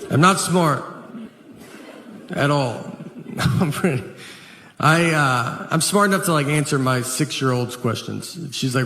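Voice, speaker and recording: A middle-aged man with a Southern American accent doing stand-up comedy on stage, rambling through self-deprecating stories in a deadpan way. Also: mid-range voice, unhurried. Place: stage before a laughing crowd. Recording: live audience laughter and noise.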